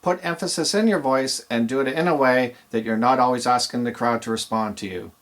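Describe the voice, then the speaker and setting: A middle-aged man, a professional DJ, explaining the trade in a plain, steady teaching voice with frequent pauses. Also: mid-range voice. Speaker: professional DJ and instructor. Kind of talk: instructional explanation.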